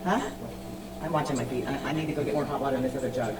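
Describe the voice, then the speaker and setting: A woman's voice: rumbling low, rapid-fire. Flustered woman on a distant live stream. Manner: flustered, exclaiming. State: drenched. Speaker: seller hosting a live sales stream. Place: home room. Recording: roomy, distant mic with background noise.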